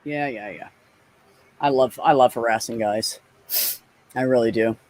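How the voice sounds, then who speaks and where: A woman telling profane, animated stories in a casual chat as a guest. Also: rumbling low, unhurried, slight background noise.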